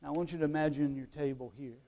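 With a fairly high pitch and a steady tone, this male preacher speaks to his congregation conversationally. He poses rhetorical questions and alternates quiet, lingering lines with forceful, loud ones.

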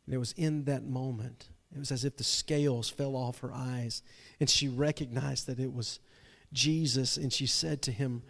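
A man's voice: medium pitch, fairly even intonation, moderate pace, creaky, few pauses, a bit bright. A man preaching a sermon, retelling a story dramatically and often repeating his words. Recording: long reverb from a large hall.

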